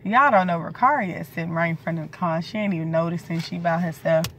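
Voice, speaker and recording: A young pregnant woman chats to her viewers in a relaxed, rambling vlog. Her voice sits low for a woman, and she cusses freely. A faint hiss of noise runs under the recording. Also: fast talker. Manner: loose, chatty, swears freely. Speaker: vlogger. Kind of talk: casual chat to camera.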